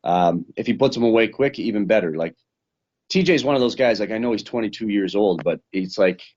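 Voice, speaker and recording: Low-voiced fighter on a dull line. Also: male voice, a little fast, darkish tone. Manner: swearing, rambling storyteller. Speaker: professional fighter. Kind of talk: casual interview recap. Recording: dull lo-fi sound.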